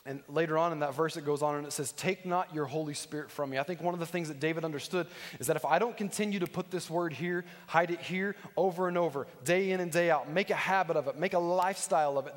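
A man's voice: on the high side, in a large hall. A man preaching a sermon as a pastor, earnest and conversational, often putting direct questions to the congregation.

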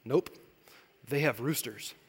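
A serious six-year-old girl asks her questions in a soft, hushed, earnest voice, as a preacher quotes her. The voice trails through the long reverb of a big hall. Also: mid-range voice, slow, a little hiss or hum, pitched below the performer's own voice, lightly acted.

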